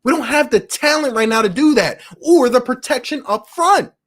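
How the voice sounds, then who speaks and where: A man with a strikingly high-pitched voice hosts a live sports show after the game. He rants with exasperated passion, leans on casual slang like bro and my guy, and sighs over every bad call. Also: animated, normal speed, fairly bright tone. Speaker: sports talk show host.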